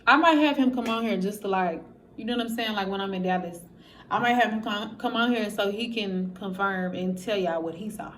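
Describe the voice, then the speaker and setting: Speaking a little fast over slight background noise, this mid-range female vlogger shares a personal story with her audience. Her delivery is frank, swear-laden and relaxed, and she animatedly performs other people's lines.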